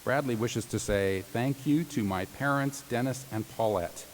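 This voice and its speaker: The announcer at a commencement ceremony, a man with a medium-pitched voice and a moderate pace, reads tributes from graduates formally while adding joking asides. The recording carries the reverb of a large hall and a faint hiss.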